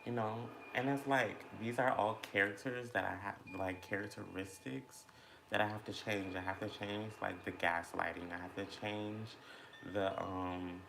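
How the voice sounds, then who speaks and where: Gravelly, low-voiced man musing aloud. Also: fairly even intonation, normal speed, noisy background. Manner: rambling, filler-heavy, introspective. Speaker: mukbang vlogger. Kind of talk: casual reflective chat while eating.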